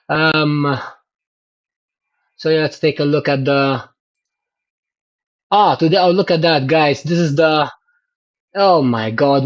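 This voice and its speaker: A man with a fairly high voice chats to his livestream viewers at an unhurried pace. He keeps breaking into excited exclamations. The audio is dull and lo-fi. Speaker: streamer reviewing his race results. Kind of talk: casual livestream chat.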